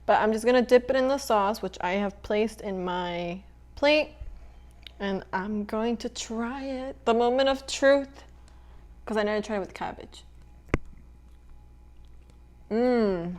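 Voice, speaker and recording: Chatty woman with a high-ish voice. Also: unhurried. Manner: chatty, relaxed, talks while cooking and eating. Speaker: cooking channel host. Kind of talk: casual cooking tutorial.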